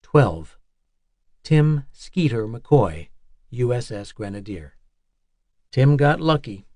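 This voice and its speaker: A man reading a nonfiction audiobook in a measured, even narration style. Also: mid-range voice, dry recording.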